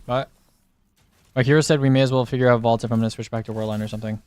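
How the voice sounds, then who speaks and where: A man's voice: mid-range voice, steady tone, racing, darkish tone, clear, resonant tone. A man streaming a video game, trading blunt, profane, joking banter with his teammates. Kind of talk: casual gaming banter with teammates.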